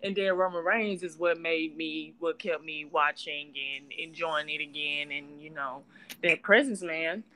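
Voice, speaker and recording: A woman's voice: deep voice, unhurried, pushed and bright. A woman in her twenties with a Southern US accent, a blunt, cursing podcast co-host in casual chat. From California, raised in Alabama. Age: 20s. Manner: blunt, swears freely.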